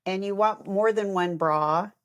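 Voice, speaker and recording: This middle-aged woman, co-hosting a podcast, speaks in an unhurried, mid-range voice while telling personal stories casually. She's animated, laughs frequently, and acts out the voices of people she quotes.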